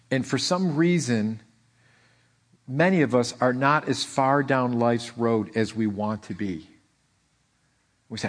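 A man preaching a sermon in an animated way, often repeating words and acting out the people in his stories. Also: mid-range voice, husky. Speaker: pastor.

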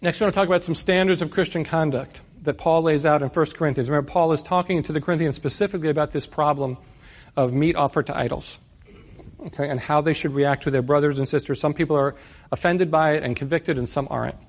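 A man's voice: a little high, fast talker. A middle-aged man from New York City preaching a conversational sermon, often putting rhetorical questions to his listeners. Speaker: pastor.

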